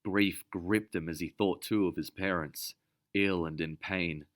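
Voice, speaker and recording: A man narrating an adventure story in a steady, measured scripted style. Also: low-pitched.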